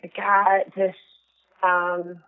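A woman's voice: fairly low pitch, completely flat delivery, drawn-out words, clear, resonant tone. Woman guest, rambling and heartfelt, heard over a thin phone line. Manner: earnest, effusive, rambling. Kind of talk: casual chat.

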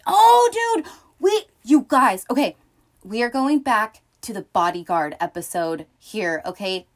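A woman with a slightly low voice hosts a casual film-review podcast. She rambles, restarts her sentences and leans on fillers, with loose swearing and sudden bursts of excitement. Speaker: podcast host.

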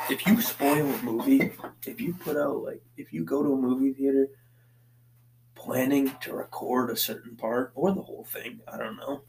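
On this laid-back solo podcast, a Boston-area man paces his basement, rambling from thought to thought and cursing almost constantly. He talks at a mid-range pitch with a slightly mellow quality, and the recording is rough.

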